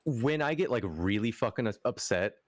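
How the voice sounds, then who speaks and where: A man from the United States chatting casually on a stream, excitable and swearing, tripping over his words. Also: mid-range voice, normal speed, no room sound, clean studio sound.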